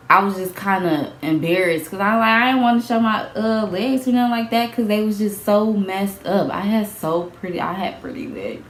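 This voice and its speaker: A young woman telling a storytime vlog in a casual, animated way, repeating herself, swearing and laughing as she goes. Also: medium pitch, reverberant, slight background noise. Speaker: vlogger.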